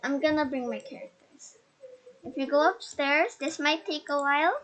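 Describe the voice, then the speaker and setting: Shy, stammering high female voice. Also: moderate pace, fairly bright tone. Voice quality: muffled by a face mask. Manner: shy and nervous, stuttering with frequent restarts. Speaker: game house tour host. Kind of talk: casual screen-recorded game tour. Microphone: laptop.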